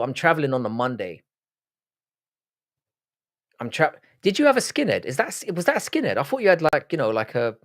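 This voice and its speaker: Sweary Irish man chatting on a livestream. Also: medium pitch. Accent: Irish, Cork. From Ireland. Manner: blunt, sweary, rambling with restarts. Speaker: livestream host. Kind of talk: casual live-stream chat reading viewer comments.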